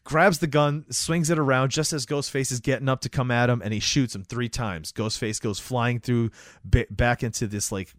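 A man co-hosting a casual talk show, retelling a film scene by scene with lots of fillers and quick acted-out lines. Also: medium pitch, dry recording. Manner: animated retelling, acts out lines, many fillers. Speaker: podcast co-host recapping a movie. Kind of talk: casual chat.

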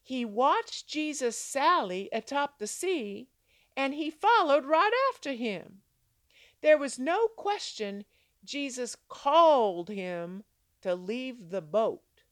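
A woman's voice: animated, takes it slowly, no echo. A woman teaching a devotional Bible lesson, telling the story dramatically and asking her listeners rhetorical questions. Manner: acts out quoted lines with big pitch jumps. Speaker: Christian devotional speaker.

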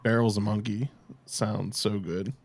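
A man's voice: on the low side, steady tone, measured pace, dry recording. A man hosting a casual interview chat, asking questions in a chatty, joking way.

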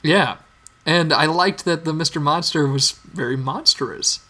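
Male host, higher and bright, casual and thoughtful. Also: a little slow, slightly rough. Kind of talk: casual discussion.

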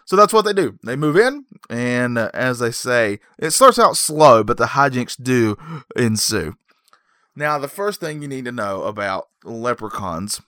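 A man's voice: mid-range voice, sharp tone, smooth, no room sound, clean studio sound. A man rambling through a comedic plot recap, full of digressions and self-mocking jokes.

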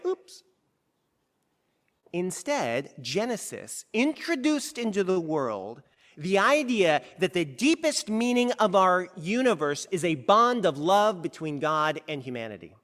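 A man preaching a sermon in an animated, conversational way, with frequent restarts, to people gathered in a large hall. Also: high-pitched, unhurried. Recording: long hall reverb.

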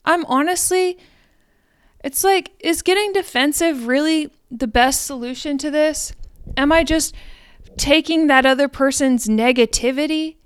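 A woman's voice: high-pitched, a little slow, no echo, clean studio sound. A woman hosting a spiritual podcast, talking frankly and profanely in a rambling, self-questioning monologue. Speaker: podcast host.

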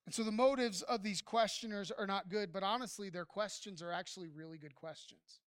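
A pastor preaching a sermon, speaking straight to the congregation with frequent "right?" and building to near-shouts at high points. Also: fairly quick, smooth, no echo, studio quality.

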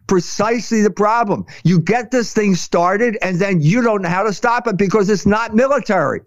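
A man with a fairly high voice delivers impassioned, opinionated commentary in a chatty way, halting and restarting often. The sound is dry and close with no echo or room around it, and a little dull and muffled.

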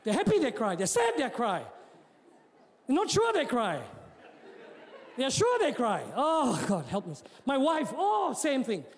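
Background chatter fills a long-reverb church hall as this pastor delivers his sermon, his extremely high voice swooping wildly while he speaks unhurriedly and pauses often. Joking asides sit alongside rousing calls that build to shouts, and he frequently repeats himself and starts over.

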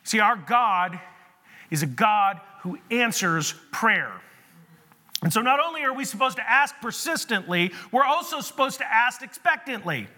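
A man preaching a sermon as pastor, telling stories in an animated way and often restarting his sentences. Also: very high-pitched, a little slow. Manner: animated storytelling with repeated restarts. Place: church sanctuary. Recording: long reverb of a large hall.

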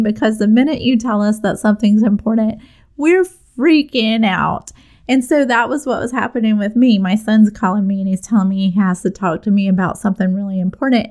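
A middle-aged woman hosting her own podcast, telling a story casually, laughing at her own jokes and acting out the lines of the people in it. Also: mid-range voice. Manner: animated, acts out dialogue. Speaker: podcast host.

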